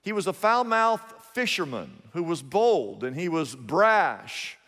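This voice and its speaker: A man's voice: on the high side, big pitch swings, slow pace, a bit bright, long reverb tail. A man preaching a sermon, telling a story emphatically with lots of repetition.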